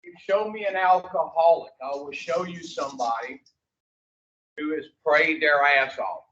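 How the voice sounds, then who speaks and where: A man with a slightly high, fairly bright voice teaches an addiction recovery class at an unhurried pace. Blunt and profane, he quizzes the group and pulls answers back from them. The recording is dull and lo-fi, distant from the mic in an echoey room.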